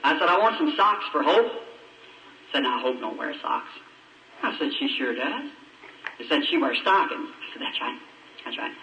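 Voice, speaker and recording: A man with a twang preaching in a church, his bright voice full of feeling as he tells a story and acts out the people in it. The old tape places him far from the microphone, with a roomy echo and a faint hiss under everything. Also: fairly high pitch, big pitch swings, normal speed, pauses often. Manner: folksy, emotional storytelling with quoted voices. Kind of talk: old recorded sermon, storytelling. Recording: distant, echoey, noisy old tape.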